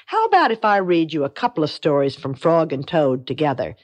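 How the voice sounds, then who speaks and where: An older woman from the United States reading a children's book aloud, with gentle, grandmotherly storytelling. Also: sits low, sing-song, fairly quick. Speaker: storybook reader.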